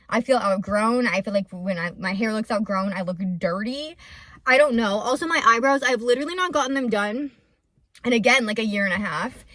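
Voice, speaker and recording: A woman's voice: a little high, sharp tone, dry recording, studio quality. Candid young woman rambling on camera. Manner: rambling and open, with many "like" fillers. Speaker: vlogger and small business owner. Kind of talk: candid confessional vlog.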